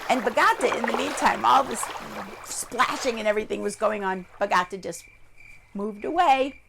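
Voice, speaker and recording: A woman librarian telling a children's story in an animated, expressive way. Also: fairly high pitch, moderate pace, creaky, background noise. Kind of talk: storytime read-aloud.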